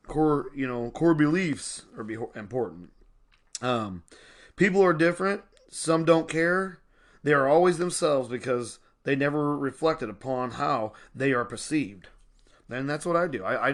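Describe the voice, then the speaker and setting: A man, casually rambling about his life and a self-help book, talking to viewers as y'all. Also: medium pitch. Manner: rambling, animated, addresses viewers as y'all, frequent laughs. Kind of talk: casual personal storytelling and reflection.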